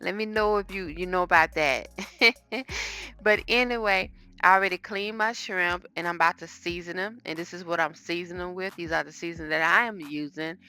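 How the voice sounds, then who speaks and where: A woman's voice: on the low side, brisk, hardly any pauses, pushed and bright, clean tone. A woman chatting casually to her viewers while cooking in her home kitchen, filmed on a phone. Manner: chatty, talks straight to viewers. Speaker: cooking vlogger. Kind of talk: casual cooking vlog chat. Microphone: phone camera.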